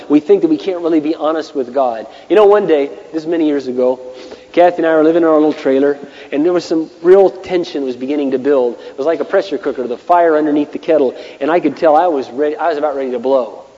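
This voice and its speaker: A man preaching a sermon as pastor, impassioned, dropping to hushed asides and rising to shouted bursts. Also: fairly high pitch, quick pace. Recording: muffled echoey hall.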